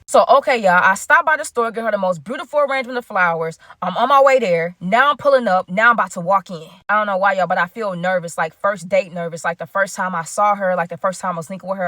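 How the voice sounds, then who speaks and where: Woman doing a storytime vlog, super quick and dramatic, bright voice. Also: mid-range voice, no room sound, clean studio sound. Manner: animated, dramatic, keeps addressing the audience. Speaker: storytime vlogger. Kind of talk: storytime narration.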